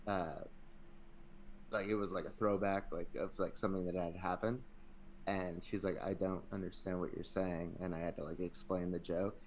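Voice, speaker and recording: Rambling, low-voiced male podcast host. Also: steady tone, normal speed, a little hiss or hum. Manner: rambling, profane, laughs a lot. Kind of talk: casual podcast chat.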